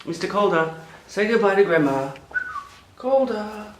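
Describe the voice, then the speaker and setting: A father at home films his toddler indoors, coaxing him along in a sing-song baby-talk voice. His voice sits high, with lively intonation and a slightly slow pace. The room is echoey, and a loud vacuum hums in the background.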